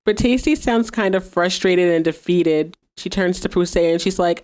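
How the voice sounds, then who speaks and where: A woman's voice: lowish voice, moderate pace, warm tone. A woman hosting a podcast, casually recapping an episode, laughing often and acting out the characters' lines. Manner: chatty, laughs often, acts out quoted dialogue. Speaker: podcast host.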